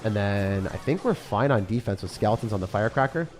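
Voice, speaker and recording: A man's voice: on the low side, expressive, fast talker, darkish tone, soft background music. A young man chatting casually on a livestream, commenting on his game and answering questions from chat in a self-deprecating way. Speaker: streamer.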